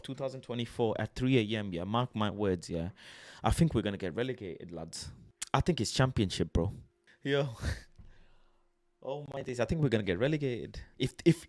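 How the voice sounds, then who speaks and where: A man's voice: mid-range voice, no echo. A young man ranting bluntly about his football club in casual slang, swearing and exasperated as he reads out quotes. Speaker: football fan vlogger. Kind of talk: casual rant reading out quotes. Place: home at night.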